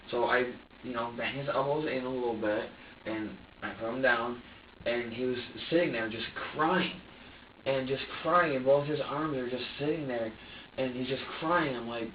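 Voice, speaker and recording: A man being questioned by police, talking in a halting, repetitive way, restarting sentences and quoting himself, with an emotional delivery that moves between tense and subdued. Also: mid-range voice, slight background noise. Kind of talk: police interrogation recording. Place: police interview room. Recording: echoey, distant, dull lo-fi room recording.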